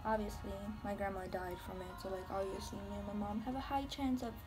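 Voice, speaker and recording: A young woman films a get-ready-with-me vlog, doing her makeup and rambling candidly over background music. Her medium-pitched voice holds a steady tone and moves briskly.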